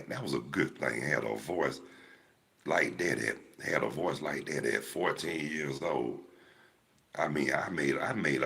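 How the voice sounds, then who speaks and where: A man's voice: extremely low pitch, gravelly, pushed and bright. An older man, chatting to a live audience in a laid-back, rambling storytelling way. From Georgia, US. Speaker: livestream host. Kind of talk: casual storytelling to live chat.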